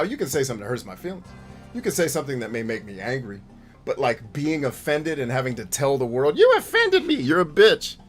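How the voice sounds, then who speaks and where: A man of middling pitch hosts a gaming show, talking over his play in loose, unscripted commentary. He is blunt and swears freely, and he breaks into jokey asides. Game music runs softly behind him. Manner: blunt, profane and emphatic; laughs easily, jokey asides. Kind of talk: casual gameplay commentary.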